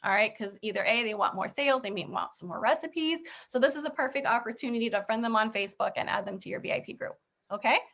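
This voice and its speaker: A chatty woman coaching her sales team, with a voice pitched a little high. She talks in a relaxed, friendly way and keeps checking in with "okay?" and "right?". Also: fast, gravelly. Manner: laughs easily. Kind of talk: casual training talk.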